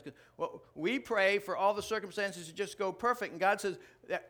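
A man preaching a sermon to a live congregation, joking and building to loud, animated outbursts. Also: sits high, moderate pace, few pauses. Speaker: pastor. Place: church before a live congregation.

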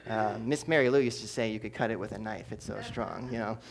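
A man preaching a sermon, telling a personal testimony with humor, swinging between loud bursts and hushed asides. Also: fairly low pitch, brisk, creaky.

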